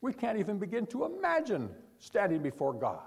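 Male preacher, fairly high husky voice, earnest pleading sermon delivery. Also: huge pitch swings, fairly quick. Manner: pleading, rising to emphatic then dropping low.

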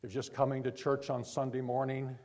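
An older man, a pastor, preaching a sermon in church in an earnest, repetitive way, talking from the heart rather than yelling. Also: mid-range voice, monotone, fairly quick.

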